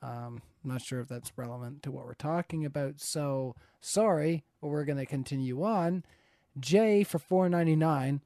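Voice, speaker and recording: A man's voice: on the high side, normal speed, mellow, no room sound. A man moderating a live online debate, reading out paid viewer comments in an amiable, chuckling way, close to his mic. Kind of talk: casual live-stream moderation. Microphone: close studio mic, leans in.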